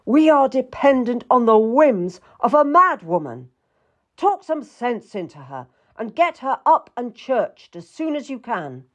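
A woman's voice: on the high side, sing-song, a little slow, pitched above the performer's own voice. A woman reading as a brusque, stern duke. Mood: impatient. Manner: brusque and dismissive. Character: stern middle-aged male duke, curt and impatient.

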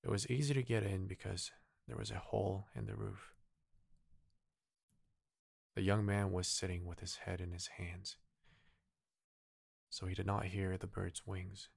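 A man with a Korean first language reads a fairy tale aloud in a calm, soft bedtime-story manner. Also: creaky, no echo, studio quality. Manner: slow, soft, low-key reading. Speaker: narrator.

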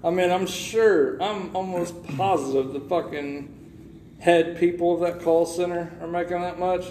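A man with a fairly high voice tells a story on a podcast, loose and full of swearing. He sounds animated and casual. The room is echoey, with a faint hiss behind. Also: a little slow. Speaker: podcast co-host.

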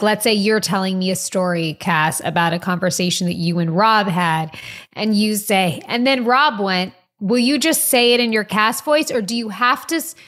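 Animated woman podcast co-host. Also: mid-range voice. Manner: animated, laughs often, breaks into playful impressions. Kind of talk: casual chat.

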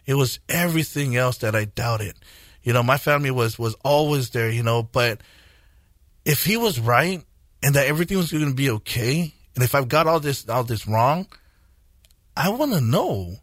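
A man in his forties, a guest minister, telling his testimony in a radio interview, earnest and halting, with many fillers and restarts. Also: medium pitch, lively intonation, a bit bright, no room sound, clean studio sound. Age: 40s.

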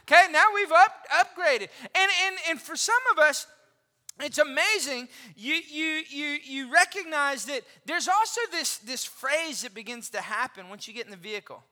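A pastor in his forties giving an animated, conversational sermon and asking the congregation questions. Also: extremely high pitch, moderate pace. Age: 40s. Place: church auditorium. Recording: reverberant hall.

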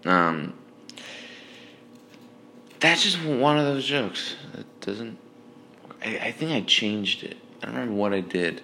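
A man's voice: fairly low pitch, animated, slow pace, vocal fry, pauses often, bright, forceful tone, a little hiss or hum. A man alone with a phone voice memo, reading his old joke notes aloud, rambling, swearing and mocking himself. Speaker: amateur comedian.

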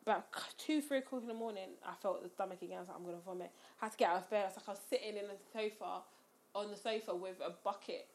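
A woman's voice: mid-range voice, very fast. A young woman telling a story in casual chat, acting out the quotes with rising squeals.

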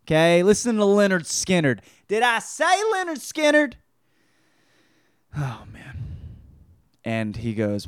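A man's voice: sits high, wildly swooping pitch, slow, pauses often, clear, resonant tone, no room sound, clean studio sound. Rambling, profane man reviewing a book. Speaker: podcast host.

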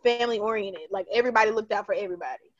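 A woman's voice: mid-range voice, racing. A woman co-hosting a podcast, telling loose stories in casual chat with friends and laughing often. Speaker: podcast co-host. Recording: dull lo-fi sound.

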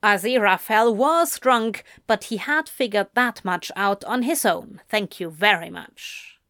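A woman reading a story aloud in an expressive, measured way. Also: medium pitch, dry recording, studio quality. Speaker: reader.

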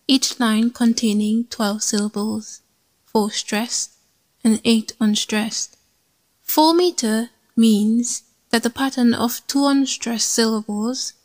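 A woman reading a poem and teaching a short poetry lesson in a measured, scripted way. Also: a little high, a little mellow.

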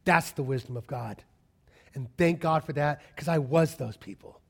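Animated man preaching a sermon. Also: fairly high pitch, normal speed, vocal fry, husky. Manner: animated storytelling, acting out quoted voices. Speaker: pastor.

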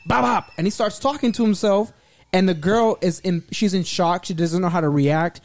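A man's voice: sits high, normal speed. A man in casual conversation reviewing a movie, swearing freely and acting out scenes as he retells them. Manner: animated, swearing, acts out scenes.

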